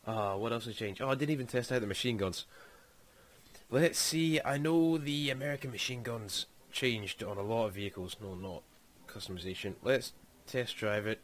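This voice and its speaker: A man with a Scottish accent giving casual, excitable commentary over gameplay as a gaming YouTuber. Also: mid-range voice, normal speed, a little hiss or hum. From Scotland. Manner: excitable, exclaims often.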